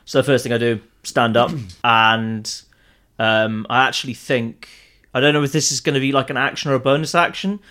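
A man playing a tabletop game, talking casually and hesitantly with many pauses. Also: medium pitch, steady tone, sharp tone. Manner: hesitant, full of ums and uhs. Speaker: player.

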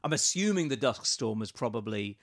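A man playing a tabletop game who talks through his scheme in a joking, casual way. His voice sits at an ordinary pitch. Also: very animated, brisk. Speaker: player.

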